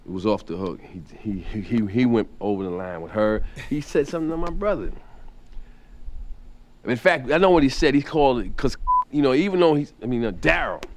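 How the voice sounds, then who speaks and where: A man spinning a rowdy stand-up story, restless and lively, stumbling over his words and restarting a lot. his voice sits in an ordinary middle register and climbs high whenever he mimics someone. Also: normal speed. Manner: animated, repetitive restarts, jumps up in pitch for impressions. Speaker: stand-up comedian telling a story.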